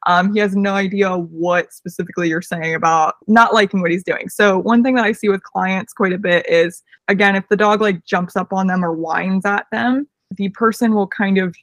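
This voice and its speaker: A woman's voice: medium pitch, fairly even intonation, normal speed, few pauses, no echo. A young woman, a dog trainer co-hosting a podcast, explaining things in a confident, casual way.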